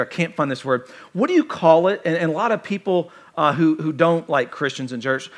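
A man preaching a sermon as pastor, animated and conversational with playful asides. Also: fairly high pitch.

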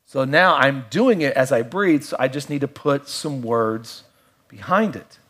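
A middle-aged man preaching a sermon in a conversational way, with playful asides and quiet, reflective stretches. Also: mid-range voice, lively intonation, a little slow. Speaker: pastor.

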